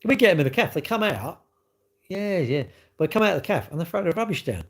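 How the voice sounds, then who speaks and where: A man's voice: fairly high pitch, big pitch swings, fast talker. A middle-aged man, chatting casually with viewers as a livestream host, rambling cheekily and acting out little exchanges in different voices. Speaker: livestream host reading chat.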